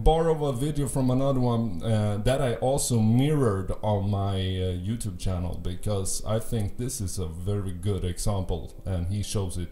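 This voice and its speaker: A man's voice: fairly low pitch, warm tone. A man hosting an online video, talking to viewers in a teasing, casual way. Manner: teasing, addresses viewers directly. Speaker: channel host.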